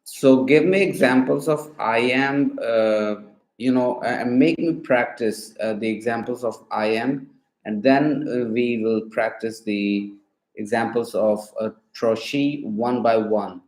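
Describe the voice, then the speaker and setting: A man's voice: mid-range voice, fairly even intonation, a little slow, a little mellow. Hesitant man in an echoey room. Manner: hesitant, with many fillers. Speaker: student. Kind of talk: halting spoken requests.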